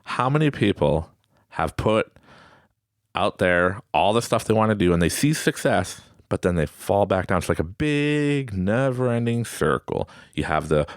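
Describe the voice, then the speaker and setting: In a dry, studio-quality recording, a man in his late thirties hosts a motivational self-help podcast. His voice is low-pitched and moderately paced, and he tells animated stories, acting out the voices of the people he quotes.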